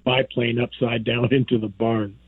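A man calling in to a radio show, recounting scenes in a relaxed way. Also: medium pitch, normal speed, slightly rough, no echo. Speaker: caller. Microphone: telephone. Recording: dry tinny phone line.

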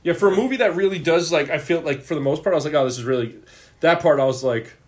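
A man's voice: on the high side, fast talker. A man co-hosting a casual movie podcast, dropping wry and sarcastic asides. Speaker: podcast co-host. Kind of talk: casual chat.

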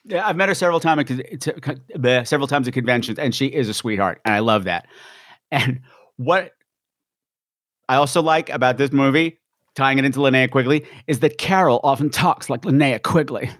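A man's voice: medium pitch, fairly quick, fairly bright tone, dry recording. Man, podcast host, campy, theatrical, dry close mic. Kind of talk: casual chat.

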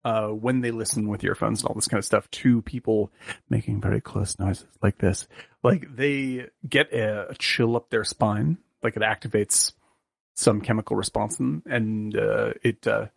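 A man's voice: on the low side, fairly even intonation, normal speed, vocal fry, breathy edge, no room sound, clean studio sound. A man co-hosting a movie review podcast, talking casually with lots of fillers and jokes. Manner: rambling, jokey, many fillers. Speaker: podcast co-host.

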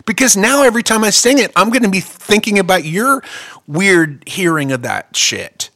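Lively, bright-voiced man telling a story. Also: moderate pace, dry recording, studio quality. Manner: animated, swings between loud outbursts and low mutters. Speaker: comedian. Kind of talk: casual storytelling chat.

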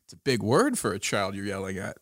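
A man's voice: lowish voice, huge pitch swings, fairly quick, fairly bright tone, no echo. Teasing podcast cohost man. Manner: teasing, dry banter with frequent laughs. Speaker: podcast co-host. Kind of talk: casual chat.

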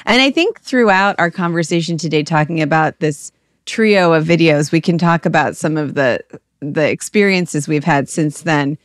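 A woman co-hosting a casual chat, talkative and quick to laugh, often breaking off with apologies and asides. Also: sits low, no echo, studio quality. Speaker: podcast co-host.

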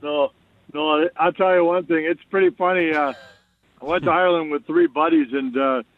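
A man's voice: a little high, steady tone, moderate pace, dry recording. A man calling in as a guest analyst on a sports radio show, talking candidly and often repeating words as he restarts. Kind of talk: casual sports radio chat. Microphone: phone. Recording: tinny phone line.

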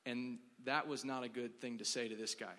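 A man's voice: mid-range voice, steady tone, moderate pace, sharp tone. A man from Dallas preaching a sermon, telling a story in a casual, chatty way with lots of "like" and acted quotes. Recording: long hall reverb.

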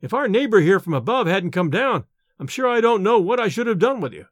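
Male reader voicing a high, anxious young scholar; fretful, lively lines for a storybook. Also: brisk, no echo. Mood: reproachful. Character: shaken young male scholar, nervous and overwrought.

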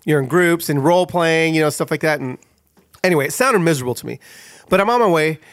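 Middle-aged male author, interview guest, animated storyteller, slightly high voice, dry close recording. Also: fast, dry recording.

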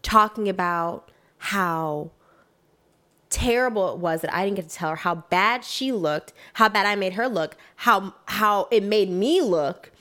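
Animated young woman telling a story. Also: medium pitch, unhurried. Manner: animated, emphatic, quotes herself and others. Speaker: guest telling a work story. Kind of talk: casual storytelling chat.

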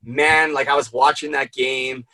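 A man's voice: mid-range voice, steady tone, unhurried, sharp tone, dry recording, rough recording. A man hosting a casual interview, emotional and rambling, swearing freely. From Canada. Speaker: podcast host.

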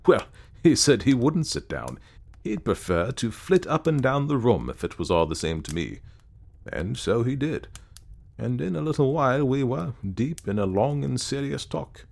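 A man's voice: medium pitch, big pitch swings, normal speed, creaky, a little mellow. A man narrating a story in a wry, self-assured manner. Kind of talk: scripted narration.

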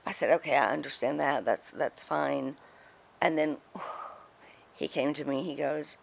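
A middle-aged woman telling a story in a casual interview, animated and chatty, acting out what others said. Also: low voice, measured pace, creaky, long pauses. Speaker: guest, former wrestling personality.

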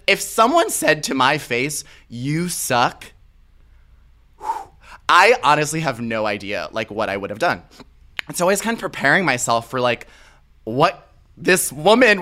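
Young man, casual chat, animated storyteller, swooping pitch. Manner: animated storytelling, laughs often. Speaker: podcast co-host.

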